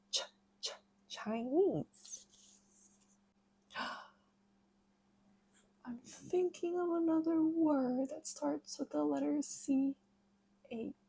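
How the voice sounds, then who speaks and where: A woman's voice: high-pitched, gravelly, noisy background. A woman hosting a children's show, teaching letter sounds in a playful, sing-song way. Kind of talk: playful phonics lesson for young children.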